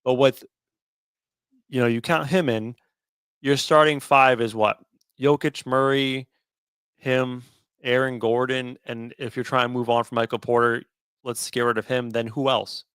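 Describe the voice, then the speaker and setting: A man's voice: mid-range voice, fairly even intonation, measured pace, pauses often, a bit bright, clear, resonant tone, no echo. A man co-hosting a sports podcast, chatting loosely and laughing often. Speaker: podcast co-host. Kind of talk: casual sports chat.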